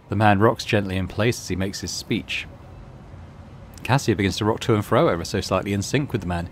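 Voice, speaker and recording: A man hosting a game playthrough, reading the on-screen text aloud with relaxed, mumbled asides on a desk microphone. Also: on the low side, fairly quick, a little hiss or hum. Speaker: let's play host.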